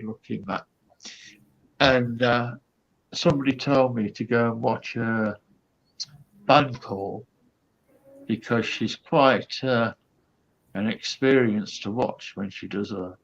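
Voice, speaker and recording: A man's voice: on the low side, vocal fry, fairly bright tone, muffled recording. A man, a guest comedian, telling a rambling backstage anecdote full of quoted asides and fillers.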